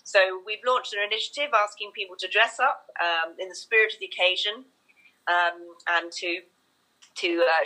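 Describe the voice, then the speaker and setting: A woman's voice: lowish voice, sharp tone, low-quality recording. A woman in an interview, eagerly laying out event plans and filling her talk with ums and restarts. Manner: enthusiastic, lists plans with many fillers. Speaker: racecourse marketing executive. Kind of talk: interview guest.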